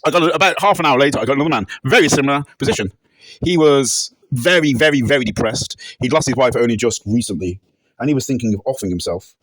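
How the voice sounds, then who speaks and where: A man telling rambling, deadpan, absurd comic anecdotes and breaking into shouted catchphrases. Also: medium pitch, quick pace, no room sound. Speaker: comedic interviewee. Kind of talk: deadpan absurd comedy monologue.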